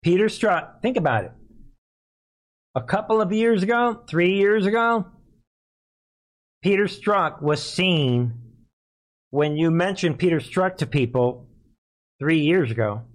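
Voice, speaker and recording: Animated man hosting political commentary. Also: takes it slowly, long pauses. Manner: emphatic, rhetorical questions, animated pitch swings. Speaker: show host.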